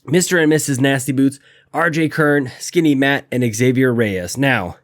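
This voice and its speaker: A man's voice: medium pitch, moderate pace. A man hosting a podcast while sick, short of breath from a cough, talking in a rambling, self-deprecating, upbeat way. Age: adult, married. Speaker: podcast host. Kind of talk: casual podcast chat.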